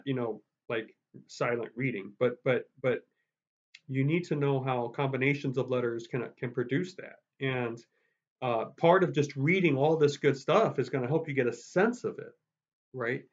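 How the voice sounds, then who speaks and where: A man's voice: medium pitch, unhurried. A man giving a college lecture on poetry, rambling with many restarts and tapping out meter aloud. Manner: rambling, full of restarts and fillers, sounds out meter with "da da". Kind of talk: recorded lecture. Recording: dull lo-fi sound.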